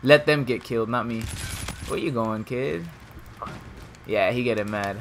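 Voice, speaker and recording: A young man giving casual, trash-talking commentary while he plays a shooter game, and he jumps up to shouting when things go wrong. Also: mid-range voice, a little hiss or hum. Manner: trash-talking, excitable, quick swings to shouting. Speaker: gameplay streamer. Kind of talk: casual live commentary over gameplay.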